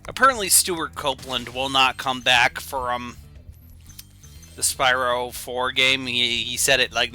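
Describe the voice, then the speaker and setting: A young man talks over his gameplay stream, rambling from joke to tangent and poking fun at himself. His voice is very bright and cutting, with faint music underneath. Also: medium pitch, a little slow. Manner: rambling, goofy and self-deprecating. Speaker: game streamer. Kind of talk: casual gameplay commentary.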